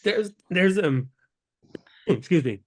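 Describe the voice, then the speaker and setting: A man's voice: high voice, expressive, slow pace, no echo, clean studio sound. Rambling man recommending shows. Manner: rambling enthusiast with many restarts and fillers. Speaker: podcast co-host. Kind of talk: casual chat.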